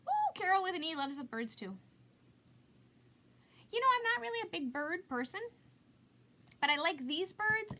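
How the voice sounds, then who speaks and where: A woman's voice: high voice, sharp tone, slight background noise. A middle-aged woman hosting a casual live craft demo, chatty and self-mocking, laughing at herself often.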